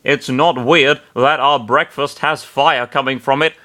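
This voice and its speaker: A man's voice: medium pitch, fairly even intonation, measured pace, sharp tone. A man reading a startled young man.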